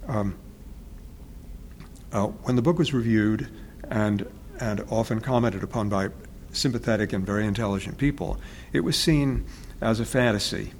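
A man being interviewed as an author, speaking in a halting, reflective way and often searching for words. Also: on the low side, slight background noise.

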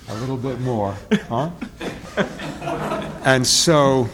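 A man being interviewed as an author, speaking in a halting, reflective way and often searching for words. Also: medium pitch, noisy background.

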